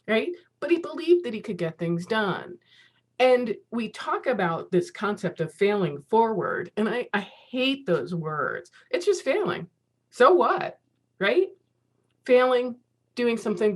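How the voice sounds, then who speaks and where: A woman's voice: medium pitch, darkish tone, breathy edge. Woman, 50s, casual conference speaker on a video call; chatty, self-mocking, laughs easily. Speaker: keynote speaker.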